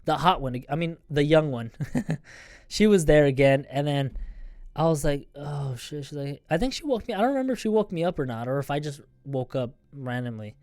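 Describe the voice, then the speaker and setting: Profane storytelling young man, slightly high. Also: animated, brisk, darkish tone, no room sound, clean studio sound. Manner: profane, rambling, laughing often. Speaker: podcast host. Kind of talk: casual storytelling.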